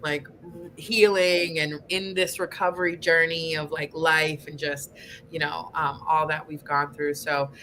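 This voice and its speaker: A woman who is a social worker, a podcast guest speaking in a reflective, soft-spoken way with lots of "like" and "right?". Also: low-pitched, flat delivery, a little slow, slight background noise. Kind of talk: casual conversational interview.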